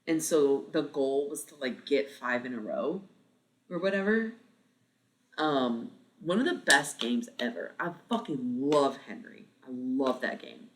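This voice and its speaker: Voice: medium pitch, animated, measured pace. A livestream host in their thirties, chatting casually with viewers, rambling, swearing freely and laughing often.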